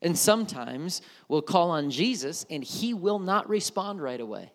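Gravelly-voiced preacher in an echoing hall. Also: male voice, a little high, sing-song, moderate pace. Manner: conversational preaching with many restarts. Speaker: pastor. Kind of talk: sermon.

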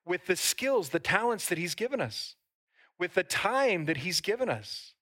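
A man preaching a sermon as pastor, talking lively with asides to the congregation and reading scripture aloud. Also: high voice, a little slow. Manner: reads a long scripture passage aloud.

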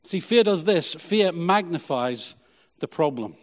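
A man's voice: fairly high pitch, expressive. Man preaching a sermon in a hall. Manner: emphatic preaching with repetitions and slow stressed phrases. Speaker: pastor.

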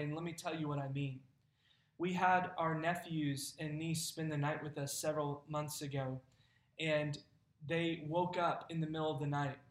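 Man, pastor, sermon, conversational and folksy, slightly high pitch, reverberant church sanctuary. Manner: conversational, folksy preaching with laughs.

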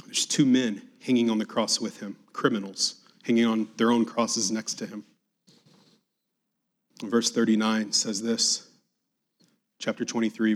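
In a lowish voice, a man preaches a sermon, reading scripture aloud with emphasis. He then drops to a hushed, quiet tone to reflect on it.

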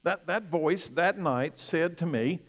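A male pastor preaching a sermon, swinging from loud emphatic peaks to hushed, low lines. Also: takes it slowly, long reverb tail, muffled recording.

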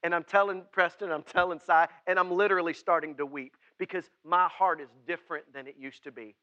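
A man preaching a sermon as pastor, folksy and plain-spoken, swinging from loud preaching to quiet, intimate asides. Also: a little high, steady tone, a little fast, dry recording, dull audio. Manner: folksy and plain-spoken, with southern-style words.

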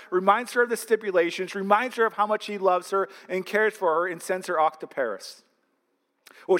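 A man's voice: sits high, a bit bright. A man preaching a sermon as a pastor, retelling a film plot as a story before turning to earnest emphasis. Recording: long hall reverb.

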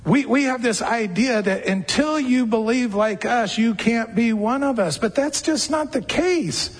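A man preaching a sermon to a church congregation, in a conversational way, softening his voice to act out gentle quoted words. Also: extremely high pitch, a little slow, breathy edge, big-room sound. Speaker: pastor.

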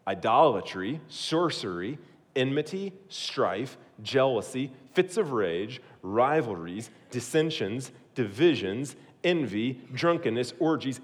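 A man preaching a sermon as pastor, animated, swinging from loud emphasis to hushed prayer. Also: mid-range voice. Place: church hall. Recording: preached in a hall with long reverb.

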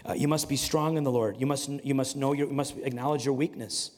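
A man's voice: medium pitch, fairly even intonation, a little fast, darkish tone. A man preaching a sermon in a conversational way, often repeating words and acting out stories. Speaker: pastor. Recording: long hall reverb.

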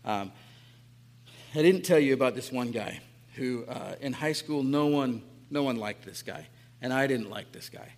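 A man's voice: mid-range voice, expressive, moderate pace. Chatty man preaching in an echoey hall. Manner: casual, chatty, frequent tag questions. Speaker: pastor. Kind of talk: conversational sermon storytelling.

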